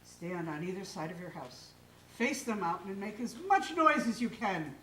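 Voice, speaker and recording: A woman voicing an old wise village man who speaks slowly and calmly, in a low, pondering way. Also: slight background noise. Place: live stage in a hall. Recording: echoey hall from far off.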